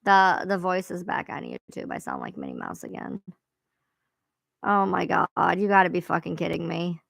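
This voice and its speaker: A woman's voice: fairly low pitch, sing-song, moderate pace, gravelly, a bit bright, no room sound. A woman hosting a casual livestream, rambling and swearing freely as she chats to viewers. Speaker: livestream host.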